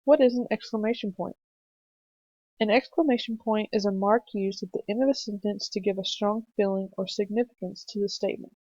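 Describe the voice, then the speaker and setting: A young woman narrating a screencast punctuation lesson for children, explaining slowly and patiently with some fillers. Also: medium pitch, fairly even intonation, warm tone, dry recording. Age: young adult. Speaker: student teacher presenting a lesson. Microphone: computer mic for a screencast. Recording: dry, slightly dull home mic recording.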